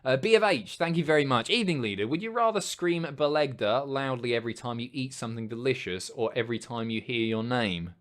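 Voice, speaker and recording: A man in his thirties hosting a casual livestream, reading chat messages aloud, sweary and rambling, jumping between loud outbursts and mumbles. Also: mid-range voice, lively intonation, a little fast, few pauses.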